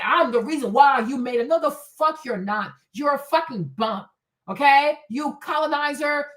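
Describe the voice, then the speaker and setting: A woman with a high voice hosts a livestream commentary. She rants hotly and profanely, driving each point home by repeating it. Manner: profane, heated, emphatic repetition. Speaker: show host.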